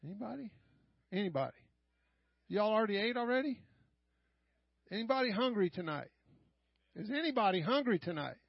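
An older man leading fervent prayer and preaching at a church service, often shouting and repeating lines of praise. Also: high voice, expressive, a little fast, long pauses, no echo, muffled recording.

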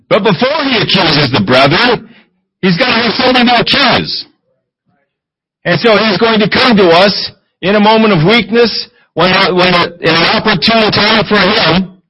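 Bright-voiced male preacher, husky tone. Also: sits high, moderate pace, poor audio. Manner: plain conversational preaching with scripture readings. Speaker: pastor. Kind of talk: sermon.

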